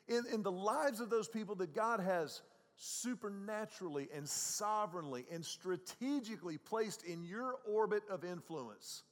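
A man with a high-pitched voice delivers a sermon from a church sanctuary. His speech is conversational, with frequent stammered repeats, and it swings from hushed moments to ringing, emphatic ones. A long reverb trails each phrase through the hall. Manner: conversational, repeats words, swings from soft to loud. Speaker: pastor.

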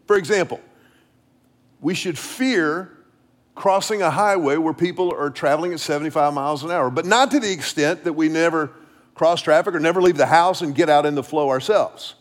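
A middle-aged man preaching a sermon as pastor, repeating words as he restarts and dropping low and quiet when he tells a story. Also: normal speed. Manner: storytelling, drops low and quiet for quoted lines.

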